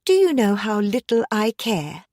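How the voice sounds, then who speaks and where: A woman voicing a young married woman in an audiobook, sharp and pleading with her father. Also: mid-range voice, very animated, a little slow, dry recording, clean studio sound, voice pushed up. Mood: angry. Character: young married woman, angry and hurt daughter.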